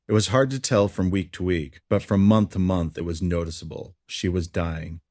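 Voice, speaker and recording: Deep-voiced man narrating a memoir. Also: darkish tone, no echo, studio quality. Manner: plain, somber storytelling.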